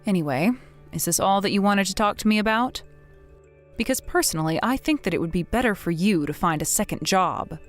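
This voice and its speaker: A woman playing a blunt, widowed older mother who scolds her grown son in a measured, firm way, in a scripted text-message drama. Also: medium pitch, expressive, soft background music, close to an everyday voice. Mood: stern.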